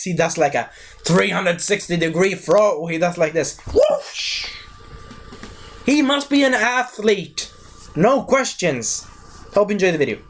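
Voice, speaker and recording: A man's voice: on the high side, slight background noise. A young man reviewing a cartoon series in a loose, chatty, digressive way. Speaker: video reviewer. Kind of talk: casual rambling review.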